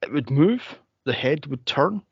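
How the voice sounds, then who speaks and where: A man co-hosting a casual movie podcast, telling stories and acting out scenes with sudden high squeals. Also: unhurried, slightly rough, no room sound, highs cut off. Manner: animated storyteller, acts out scenes in high squeals. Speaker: podcast co-host.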